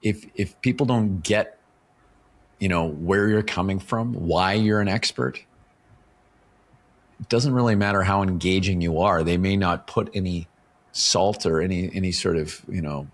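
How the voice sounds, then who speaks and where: A middle-aged man, his voice sitting very low. He talks casually as an interview guest, unfolding his points through anecdotes and checking in with the listener as he goes. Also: a little slow. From Canada. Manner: explains with stories, often checks in with "right?". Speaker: author and professional speaker, podcast guest.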